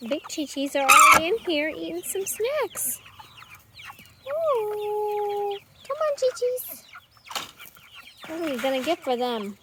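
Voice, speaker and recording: A woman with a very high, bouncy voice talks to her chickens in sing-song baby talk. She speaks slowly and gently, narrating casually as she herds them in outdoors. Her pitch swoops up and down as she coaxes. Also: sing-song, very noisy. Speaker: backyard chicken keeper. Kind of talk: casual vlog narration while herding chickens.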